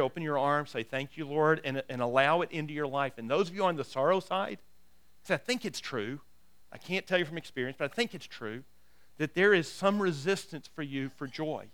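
A man preaching a sermon as a pastor, swinging from loud, emphatic exhortation to a quiet, intimate prayer, often repeating words as he starts a phrase. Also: on the high side.

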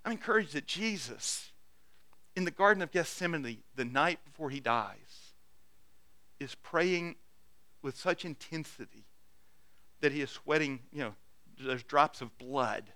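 Male pastor preaching, bright forceful voice, bit higher than most guys, earnest, loud then hushed. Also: lively intonation, measured pace, pauses often, dry recording. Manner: earnest, swings between loud urging and quiet intimacy, frequent restarts. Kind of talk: sermon.

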